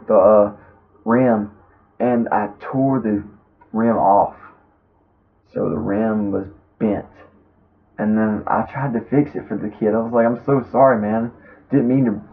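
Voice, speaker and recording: Low-voiced young man on a tinny line. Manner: rambling storyteller with many fillers and restarts. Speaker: vlogger. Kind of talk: casual rambling monologue. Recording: tinny lo-fi phone-like sound.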